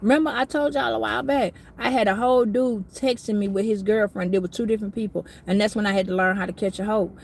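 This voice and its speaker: A woman's voice: medium pitch, fairly even intonation, fast talker, creaky, few pauses, slight background noise. A middle-aged woman giving a casual astrology reading, talking bluntly, preachily and with plenty of swearing. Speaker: tarot reader.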